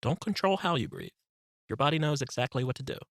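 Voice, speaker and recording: A man narrating a self-help audiobook as a meditation guide, giving calm, instructive breathing cues close to the mic. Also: medium pitch, fast talker, dry recording.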